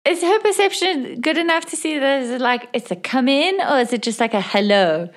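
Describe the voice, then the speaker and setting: A woman's voice: high-pitched, expressive, a little fast. A woman playing a tabletop role-playing game, describing her character's actions casually and hesitantly. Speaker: player.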